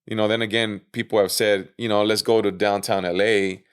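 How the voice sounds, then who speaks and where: A man's voice: fairly low pitch, flat delivery, fairly quick, smooth. A man being interviewed on a podcast, casually retelling his own story with lots of fillers, swearing and acted-out quotes. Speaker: interview guest.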